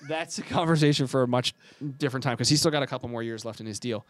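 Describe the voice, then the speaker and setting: A man co-hosting a casual chat, talking fast and correcting himself as he goes. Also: mid-range voice, no echo. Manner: rambling, quick, self-correcting. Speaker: podcast co-host.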